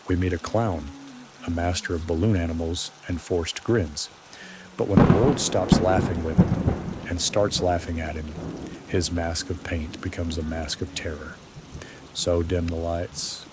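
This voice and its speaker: A man telling a scripted horror story for sleep in a slow, deliberate, ominous way. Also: deep voice, darkish tone, a little hiss or hum. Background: rain.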